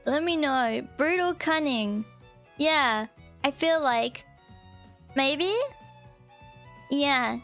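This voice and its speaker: A woman's voice: high-pitched, extremely slow, long pauses, fairly bright tone, faint music behind. A woman streamer chatting with her viewers in a bubbly, giggly way, rambling with lots of "like". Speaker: streamer, VTuber. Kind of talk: casual live-stream chat.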